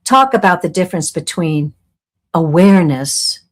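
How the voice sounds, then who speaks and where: A middle-aged woman hosting a live-streamed class as a psychic medium, talking earnestly and rambling a little, reading out viewer comments with soft laughs. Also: unhurried. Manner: warm, earnest, rambling, with soft laughs and lively pitch swings.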